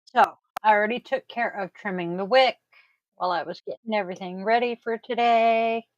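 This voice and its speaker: A woman's voice: medium pitch, moderate pace, no room sound, muffled recording. A woman chatting casually to her viewers while setting up a tarot reading, sleepy and groggy, easygoing and self-deprecating.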